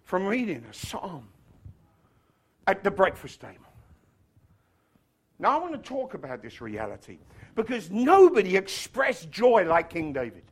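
A man preaching a sermon, swinging from loud shouted passages to quiet, chatty, humorous asides. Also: sits high, huge pitch swings, measured pace, pauses often, breathy edge. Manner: tells stories with humor.

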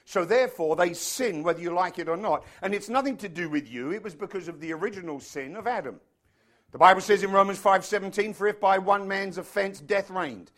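A man preaching a sermon, emphatic and animated, speeding up when he tells a story. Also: sits high. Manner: animated, emphatic, quickens into anecdotes.

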